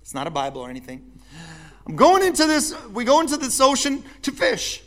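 A man with a notably high-pitched voice delivers a sermon as the church's pastor. He tells his story with lively energy and keeps turning to the congregation with questions. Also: brisk.

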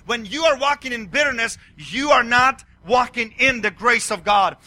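A middle-aged male pastor preaching a sermon, excitable, swinging between yelling and quiet asides. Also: extremely high pitch, moderate pace, hardly any pauses, no room sound.

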